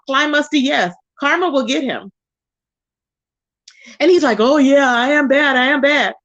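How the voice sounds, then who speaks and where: Running a chatty livestream, this woman speaks in a bright, high pitch while commenting casually and reading chat. Viewers get greeted by name and called baby, and she drives points home by repeating lines with open disbelief.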